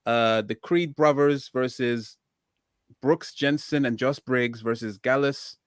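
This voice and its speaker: Male podcast host, relaxed and chatty, slightly sore throat, dead-dry mic. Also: mid-range voice, slow pace, clear, resonant tone, dry recording. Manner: laid-back, chatty, laughs easily. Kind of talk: casual chat.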